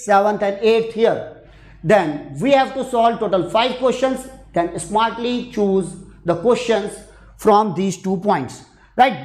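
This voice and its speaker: A man's voice: sits high, reverberant. A man with an Indian English accent teaching an online exam prep lesson, asking rhetorical questions, repeating points and mixing in Hindi. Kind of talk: online lecture.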